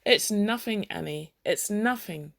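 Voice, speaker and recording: A woman's voice: mid-range voice, lively intonation, measured pace, gravelly. A woman reading a story, voicing a timid, shamefaced young husband who stammers out excuses. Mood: flustered. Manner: stammering, faltering.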